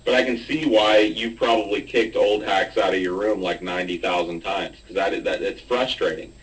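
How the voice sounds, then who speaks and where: A man's voice: deep voice, fairly even intonation, moderate pace. Blunt, swearing man on a distant call. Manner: blunt, self-mocking, swears freely. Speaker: chat room participant. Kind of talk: casual heated group chat.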